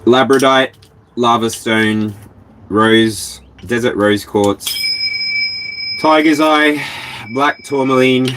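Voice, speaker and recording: A man's voice: medium pitch, slow, pauses often, fairly bright tone, a little hiss or hum. A man with an Australian accent hosting a casual tarot livestream from his caravan, rambling playfully and breaking into bits of song. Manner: rambling, playful, sings snatches of songs. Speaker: tarot reader, livestream host.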